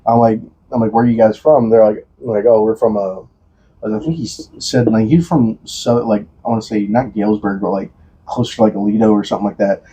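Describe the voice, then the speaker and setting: Husky, mellow-voiced man on lo-fi podcast audio. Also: fairly low pitch, fairly even intonation. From Quad Cities area, Illinois. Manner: halting, repeats "I'm like", acts out quoted dialogue. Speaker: podcast co-host. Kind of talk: casual podcast chat.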